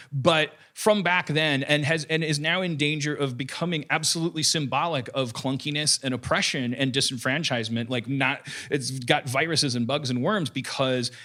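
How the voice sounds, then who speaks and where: Animated rambling podcast host, a man. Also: fairly high pitch. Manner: rambling, animated, swears freely, jokey asides. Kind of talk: casual comedic podcast talk.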